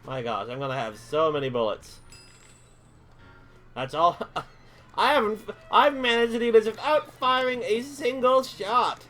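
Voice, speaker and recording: A man giving casual let's-play commentary, chatting to himself as he plays and breaking into excited bursts. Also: high voice, unhurried, pauses often, faint music behind. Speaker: gamer streaming a playthrough.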